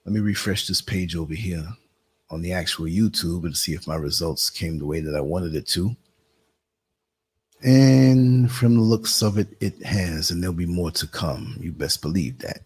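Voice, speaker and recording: Host type: New York man, lowish husky voice, loose chatty delivery, talks while clicking around. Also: normal speed, a little mellow. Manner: chatty, laughs often, talks while working the computer. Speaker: live show host. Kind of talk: casual livestream talk.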